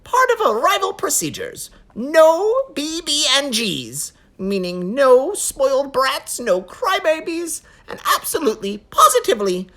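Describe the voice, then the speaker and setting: A fussy, flustered head elf from a children's storybook, put on by a woman reading aloud. The voice sits very high and swoops wildly up and down. He talks slowly and frets over every rule. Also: big pitch swings, fairly bright tone, full character voice. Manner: flustered, keeps saying oh dear.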